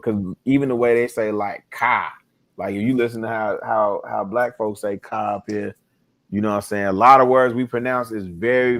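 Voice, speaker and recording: A middle-aged man with a Chicago accent talks in a relaxed, rambling way, with plenty of fillers along the way. His voice sits a little low. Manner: laid-back, rambling with fillers and restarts. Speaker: podcast co-host. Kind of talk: casual chat.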